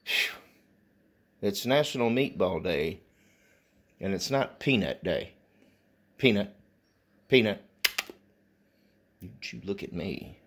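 A man filming his dogs at home on a phone, talking to them casually, laughing a lot and cooing at them in a high sing-song voice. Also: animated, slow, long pauses, a bit bright. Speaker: dog owner filming his pets.

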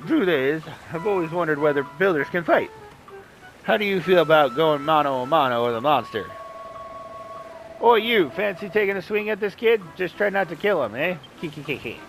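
A mocking male skeleton sailor, played by a man with an affected Southern American accent, taunts brashly and cackles over game music. The pitch is fairly high and the tone fairly bright, animated at a normal speed, on a low-quality recording.

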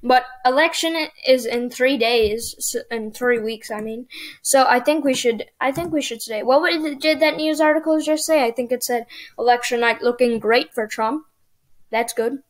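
A woman with a high, light voice talks through a game as she plays it. Her casual commentary is excitable, and she thinks aloud as the results come in. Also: moderate pace. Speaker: gaming channel host.

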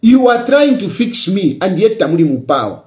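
Speaking to social media followers in a political address, a Zambian man grows more insistent through emphatic repetition. He has a high, sing-song voice with a darkish tone and a moderate pace, captured in an echoey, dull, lo-fi room.

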